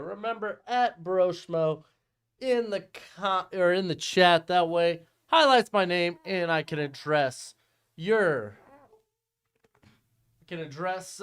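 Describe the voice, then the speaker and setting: A man's voice: fairly high pitch, a bit bright, clear, resonant tone. A young man hosting a live-streamed mock draft, talking casually and bluntly and mocking bad trades.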